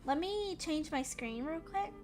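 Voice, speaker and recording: High-voiced chatty woman gaming streamer. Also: lively intonation, measured pace. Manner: chatty, rambling, shaken and breathless after a scare. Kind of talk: casual live-stream chat.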